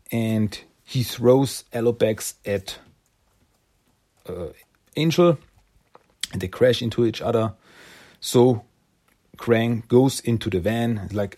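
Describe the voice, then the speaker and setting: A man's voice: mid-range voice, darkish tone. A man casually retelling a comic story, rambling with fillers and slipping into character voices. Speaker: comic recap host.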